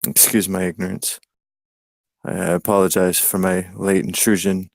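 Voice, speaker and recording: A man's voice: low-pitched, flat delivery, normal speed, gravelly, dry recording. A man voicing a tired traveling lord who speaks in old-fashioned, courtly language. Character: courtly male lord, weary traveling noble.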